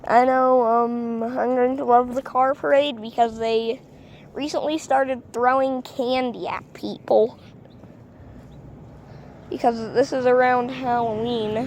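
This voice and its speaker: A woman's voice: on the high side, darkish tone, a little hiss or hum. A woman vlogging casually outdoors on a street into a phone, rambling and hesitant with many ums. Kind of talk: casual vlog.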